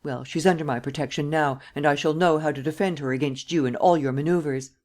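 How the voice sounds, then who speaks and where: A woman's voice: sits low, fairly even intonation, a little fast, a little mellow, close to an everyday voice. A woman reading an audiobook and voicing an elderly woman, protective and anxious, who pleads with a tremulous, sometimes whispered voice. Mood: alarmed.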